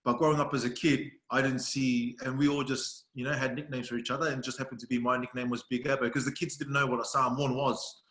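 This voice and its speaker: A man's voice: medium pitch, fast, few pauses, echoey room. A man with an Australian accent, a podcast guest chatting casually and telling stories with laughs. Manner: laughing, storytelling, quotes others in animated voices. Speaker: podcast guest, video creator. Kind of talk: casual chat.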